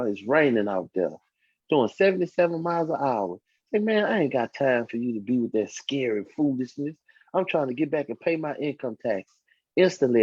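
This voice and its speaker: Husky guy telling his story, kinda muffled dry mic, acts out all the voices. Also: medium pitch, dry recording. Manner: animated storyteller acting out quoted voices. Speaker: podcast guest. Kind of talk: casual storytelling testimony. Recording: dull lo-fi dry sound.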